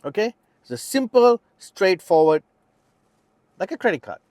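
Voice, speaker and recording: A man's voice: high voice, very animated, normal speed, a little mellow, dry recording, clean studio sound. Chatty Malaysian man reviewing a car. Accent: Malaysian English. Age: middle-aged. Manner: chatty, enthusiastic, with frequent fillers and restarts. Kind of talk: casual test-drive review. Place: inside a car.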